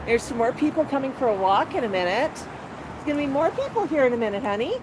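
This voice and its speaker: A woman with a high voice and big pitch swings talks quickly while vlogging from an outdoor patio. She chats in a sing-song way and baby-talks to her pet bird, as a parrot owner and channel host. Street noise and passing cars can be heard around her.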